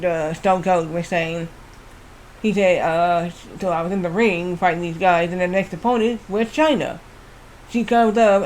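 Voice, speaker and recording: Male streamer, rambling casual game commentary, high-pitched, swears freely. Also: a little hiss or hum.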